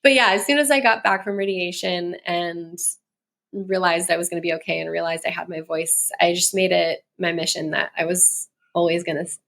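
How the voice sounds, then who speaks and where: A woman's voice: fairly low pitch, creaky, a bit bright. A woman in her thirties, a guest on an interview show, telling stories in a chatty way and laughing often. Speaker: guest, communication coach and musician. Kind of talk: casual interview chat.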